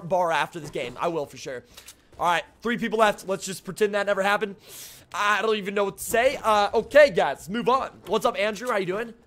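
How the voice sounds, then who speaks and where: A young man with a high-sitting, fairly bright voice streams a video game live, commentating for his chat. He greets viewers by name and repeats himself when he gets flustered.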